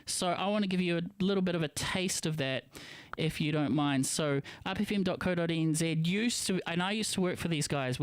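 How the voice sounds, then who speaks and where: A man with a New Zealand accent rambles through a live internet radio show, breaking off and restarting his sentences. His voice sits a bit high for a man, and the sound is dry and close, with no room around it. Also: no echo. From Philippines. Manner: rambling, self-interrupting, conspiratorial. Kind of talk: casual live-stream monologue.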